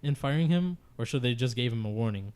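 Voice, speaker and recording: Guy on a gaming podcast, middle pitch, says like a lot, swears casually, super frank. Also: lively intonation, quick pace, a little mellow, clear, resonant tone. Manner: loose and frank, heavy on filler words, swears casually.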